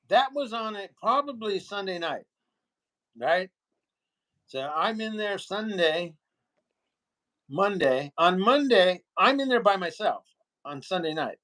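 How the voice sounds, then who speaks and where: Animated high-voiced male storyteller. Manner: animated storyteller, acts out other people's lines. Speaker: guest. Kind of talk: storytelling in a casual interview.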